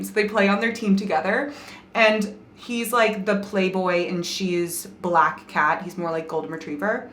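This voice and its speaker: A young woman talking to her camera at home, gushing over the books she is reading. She laughs a lot and swears casually, and her voice sits in an ordinary middle pitch. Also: slight background noise. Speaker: book vlogger. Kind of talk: casual reading vlog chat. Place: home, bathroom while doing makeup.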